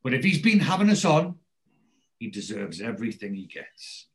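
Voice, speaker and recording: A man's voice: medium pitch, normal speed. A man hosting a podcast, recapping a TV episode casually and acting out the characters' lines as he goes. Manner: animated storyteller acting out quoted lines. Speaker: podcast host.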